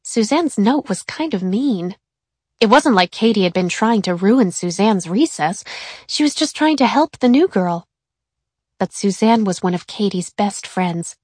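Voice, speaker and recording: A woman narrating a children's chapter book in a clear, even storytelling voice. Her pitch sits in the middle, and the recording is close and dry. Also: measured pace, dry recording.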